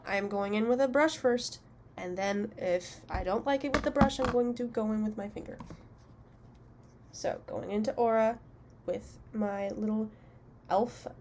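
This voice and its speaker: A young woman makeup vlogger chatting casually and telling a story while she applies eyeshadow, self-mocking and quick to laugh. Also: mid-range voice, slight background noise.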